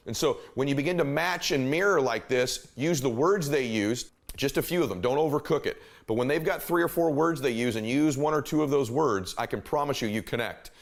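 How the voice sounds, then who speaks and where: A middle-aged man giving an earnest motivational talk, emphatic and fond of repeating key phrases. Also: mid-range voice. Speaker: motivational speaker.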